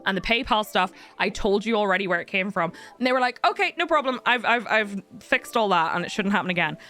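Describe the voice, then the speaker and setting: A woman streamer chatting casually with viewers, telling a story in an animated way, acting out other people's voices, swearing and laughing often. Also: mid-range voice, a little fast.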